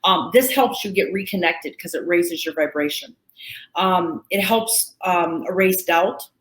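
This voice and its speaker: A woman's voice: lowish voice, a little slow, a bit bright, reverberant, low-quality recording. A woman hosting a live sales show, chatting in a folksy way about crystals. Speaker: host selling crystals.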